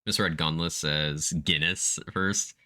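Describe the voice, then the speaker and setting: Very deep-voiced, bright-toned male streamer. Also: steady tone, a little slow. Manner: chatty, reads out viewer chat while playing. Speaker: game streamer. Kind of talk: casual gameplay commentary.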